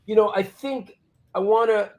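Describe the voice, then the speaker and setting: Middle-aged man, show host, fairly high voice, halting, repeats words. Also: darkish tone. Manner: halting, repeats words while finding phrasing. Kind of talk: interview hosting.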